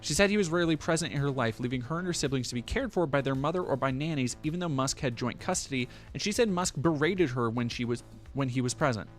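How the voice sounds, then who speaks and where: Casting Male streamer, mid-pitched, reads news aloud and cuts in with sarcastic, sweary asides. Faint music underneath. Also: animated, fast talker, hardly any pauses. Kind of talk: casual commentary on a news article.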